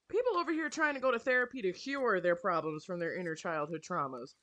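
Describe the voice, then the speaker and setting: A young woman ranting casually while she plays a game, swearing often and sounding animated and exasperated. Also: mid-range voice, fairly quick, few pauses.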